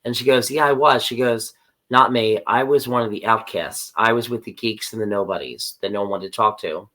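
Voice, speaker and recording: A man's voice: lowish voice, fairly quick. Chatty man recapping a show. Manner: animated storyteller who acts out characters' lines. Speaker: podcast co-host. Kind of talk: casual chat recapping a TV episode.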